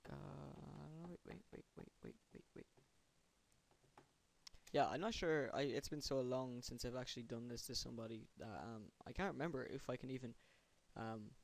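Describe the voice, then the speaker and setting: A man's voice: mid-range voice, steady tone, normal speed. A man giving casual, rambling gameplay commentary, sarcastic and chanting words under his breath. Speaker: gamer.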